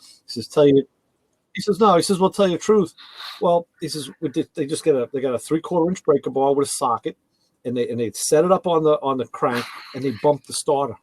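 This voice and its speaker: A man hosting a casual talk show, telling animated stories and acting out conversations. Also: mid-range voice, fast talker, breathy edge, no room sound. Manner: animated storyteller, acts out quoted exchanges. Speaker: host. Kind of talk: casual chat about cars.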